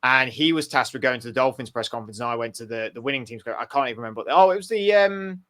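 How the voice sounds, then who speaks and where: Male co-host, bright voice, loose and rambling. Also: medium pitch, rapid-fire. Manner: rambling, thinks aloud with restarts. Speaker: podcast co-host. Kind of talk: casual chat.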